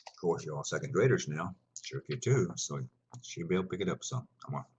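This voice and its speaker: Male language teacher, deep and heavily husky voice, patient and repetitive classroom delivery. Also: lively intonation, fast, darkish tone. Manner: rambling, patient, repeats words for students. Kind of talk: classroom lesson explanation.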